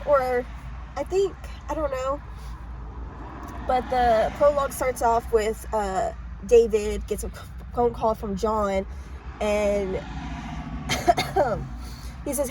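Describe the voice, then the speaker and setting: A woman talks through a book in an offhand, unpolished way before reading a chapter aloud. She stumbles and restarts often, coughs now and then, and tends to mumble. Her voice sits a touch high, with a faint hiss in the background. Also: a little mellow, low-quality recording. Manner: halting, with frequent coughs and restarts; mumbly, self-described. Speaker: amateur reader. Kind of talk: casual book summary and read-aloud.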